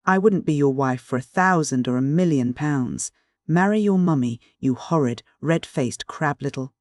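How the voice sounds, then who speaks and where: A narrator voicing a stout, theatrical middle-aged widow whose voice turns shrill and hard with anger. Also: expressive, moderate pace, dry recording, clean studio sound, close to an everyday voice. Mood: furious.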